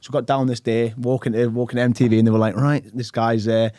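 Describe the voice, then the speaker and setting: A man in his thirties tells stories at a rapid clip, acting out other people's voices and swearing freely. His pitch sits in the middle range. The sound is dry and close. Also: little pitch movement, mellow, no room sound. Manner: swears casually. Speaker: guest. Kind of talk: casual podcast chat.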